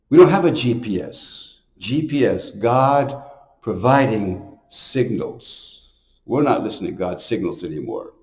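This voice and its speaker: A man's voice: medium pitch, darkish tone, reverberant. A man preaching as a priest, telling stories and stressing his points with sudden emphatic bursts. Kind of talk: homily to camera.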